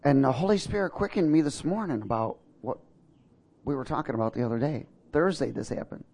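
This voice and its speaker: A pastor leads prayer and preaches to his congregation, sharing a personal story punctuated by fervent, loud exclamations. His mid-range voice moves fairly quickly, with vocal fry and a breathy edge.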